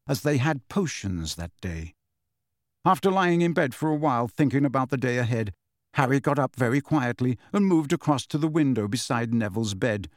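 A man reading a novel aloud in measured, even audiobook narration. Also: medium pitch, no room sound, studio quality.

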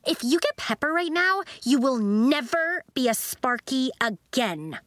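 A woman reading aloud puts on a mean popular girl who mocks and threatens. Her voice is drawn out and sing-song, and the pitch swoops widely. It is recorded close and dry. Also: sing-song, slow, dry recording, exaggerated voice. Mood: taunting. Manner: taunting, sing-song, sneering.

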